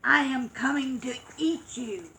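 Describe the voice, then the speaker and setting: Woman putting on a slow grumbling storybook troll. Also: sits high, vocal fry, full character voice. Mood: greedy. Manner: slow, loud, growling shouts. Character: mean hungry male troll under a bridge. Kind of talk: storybook reading.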